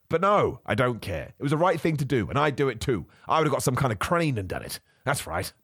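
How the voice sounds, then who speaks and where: A man hosts a podcast in loose, animated chat, ranting and laughing as he goes. His voice sits at an ordinary middle pitch, and a cough keeps catching at it. The recording is dry, with no room sound. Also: a little fast, husky, no room sound. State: has a cough. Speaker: podcast host. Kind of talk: casual chat.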